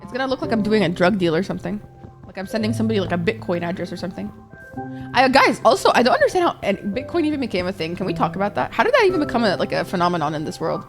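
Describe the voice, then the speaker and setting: A woman's voice: medium pitch, big pitch swings, racing, music in the background. A woman streaming a game live, chatting casually with her viewers, swearing often and reacting to chat.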